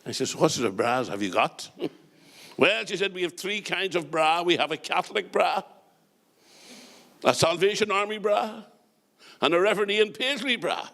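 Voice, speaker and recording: Man, Northern Irish accent, stand-up comic, high ringing voice, quick punchlines. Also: expressive, creaky, bright, forceful tone. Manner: joke-telling, quick punchlines, chatty asides to the crowd. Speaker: comedian and compere. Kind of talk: stand-up comedy.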